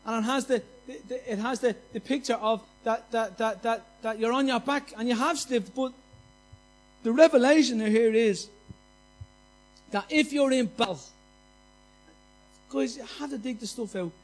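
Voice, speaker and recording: Male preacher, very high voice, passionate and repetitive, folksy anecdotes from the pulpit. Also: normal speed, pauses often, faint music behind. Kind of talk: sermon.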